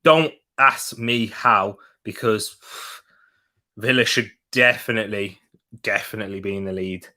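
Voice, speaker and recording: A man's voice: fairly low pitch, measured pace, bright, forceful tone. A young man hosting a casual football watch-along, chatting to viewers while eating and laughing often. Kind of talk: casual live-stream chat reading comments.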